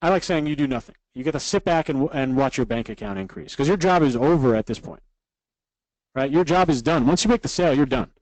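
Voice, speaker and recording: Upbeat instructor who keeps asking "right?". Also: male voice, fairly high pitch, expressive, brisk, a little mellow, dry recording, rough recording. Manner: repeats "right?" after nearly every point, upbeat and instructive; reads out viewer comments from a live chat. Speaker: online course instructor. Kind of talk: live webinar teaching.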